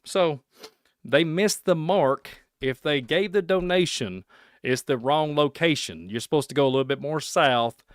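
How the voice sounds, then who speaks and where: A man's voice: a little high, animated, normal speed, clear, resonant tone, no room sound, studio quality. A man with a Kentucky accent hosting a podcast, reading posts and news aloud in a folksy, rambling way, repeating lines and slipping into preachy asides. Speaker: podcast host.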